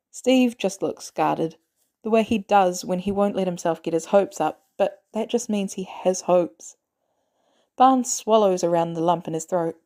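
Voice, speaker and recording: A woman reading a fan story aloud as a podfic narrator, in a measured, even storytelling manner. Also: fairly low pitch. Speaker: podfic reader.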